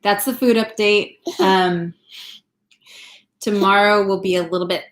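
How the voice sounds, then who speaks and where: A woman's voice: mid-range voice, steady tone, a little slow, a bit bright, echoey room. A woman in her thirties from California, chatting casually on a home live stream, rambling and laughing often. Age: 30s. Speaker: vlogger. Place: home, indoors.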